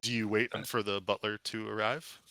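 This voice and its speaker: A man's voice: on the low side, little pitch movement, moderate pace, bright, forceful tone, dry recording. A man narrating as dungeon master, hesitant and full of fillers. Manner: hesitant, many fillers and restarts. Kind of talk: narrating a tabletop game.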